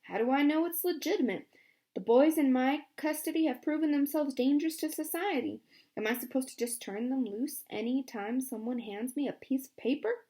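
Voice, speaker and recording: A woman's voice: high voice, moderate pace, dark tone, pitched above the performer's own voice. A woman voicing a cold, stern female camp warden in a storybook reading, curt and defensive.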